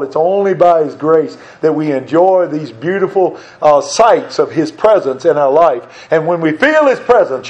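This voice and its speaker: An older man preaching a sermon in a high, light voice. He speaks earnestly and with emphasis, circling back on phrases to stress them. The recording sounds dull and lo-fi. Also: a little mellow.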